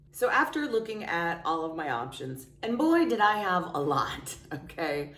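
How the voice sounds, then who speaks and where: Candid chatty woman, slightly low voice. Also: big pitch swings, measured pace, a bit bright. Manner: candid, chatty, self-mocking. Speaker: vlogger. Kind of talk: casual confessional storytelling. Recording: roomy sound, distant from mic.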